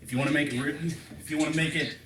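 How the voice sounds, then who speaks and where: A man's voice: on the high side, fairly even intonation, rapid-fire, a bit bright, a little hiss or hum. A man coaching a home workout, counting reps and explaining exercises, a bit out of breath as he works out along. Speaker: fitness coach. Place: home room with table and couch. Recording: echoey room, distant mic.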